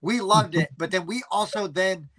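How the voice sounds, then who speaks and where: A middle-aged man co-hosting a casual chat, telling rambling, animated stories with plenty of fillers. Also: high voice, normal speed, rough recording. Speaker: podcast co-host.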